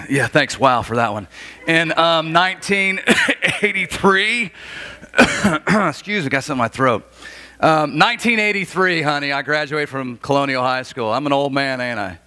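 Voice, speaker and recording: Bright-voiced pastor from Florida. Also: male voice, on the high side, moderate pace. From Florida, USA. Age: 40s. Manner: animated storytelling, acts out dialogue. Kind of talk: sermon. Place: church.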